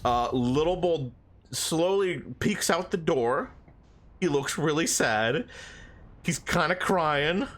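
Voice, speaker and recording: A man's voice: fairly high pitch, expressive, takes it slowly, fairly bright tone. Young man casually recounting a dream. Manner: rambling, swears a lot, laughs between lines. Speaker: streamer.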